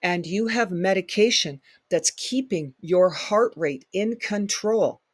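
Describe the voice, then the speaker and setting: A man's voice: sits high, slow pace, husky, no echo, studio quality. A man leading a fitness workshop as instructor, speaking emphatically and repeating his key points for the class. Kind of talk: workshop lecture.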